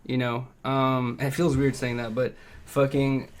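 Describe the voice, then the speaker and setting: A man on a livestream giving a nervous, halting apology, rambling and full of fillers. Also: mid-range voice, little pitch movement. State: nervous, shaky. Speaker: streamer.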